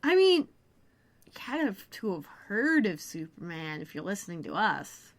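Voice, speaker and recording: A woman's voice: mid-range voice, big pitch swings, normal speed. A woman co-hosting a podcast, recapping a TV episode in casual chat, full of jokes and side remarks. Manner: chatty, jokey, tangents and side comments. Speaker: podcast co-host.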